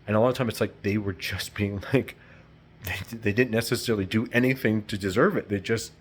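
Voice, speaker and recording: A man's voice: fairly low pitch, a little fast, husky. A man vlogging in a rambling, emphatic monologue full of swearing. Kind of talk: casual monologue to camera.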